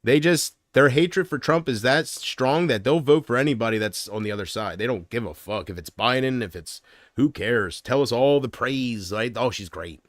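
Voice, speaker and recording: A man chats on his home livestream in a loose, rambling way, cracking jokes and laughing at them. His voice sits at an ordinary pitch. The sound is dry and close, from a desk mic in a small room. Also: normal speed, no echo. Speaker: livestream host. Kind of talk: casual livestream chat.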